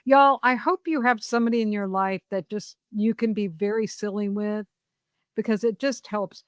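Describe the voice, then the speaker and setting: A woman's voice: mid-range voice, fairly even intonation, normal speed, no room sound, clean studio sound. A middle-aged woman co-hosting a podcast in casual chat with a friend, laughing often and telling stories with animation. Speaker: podcast co-host.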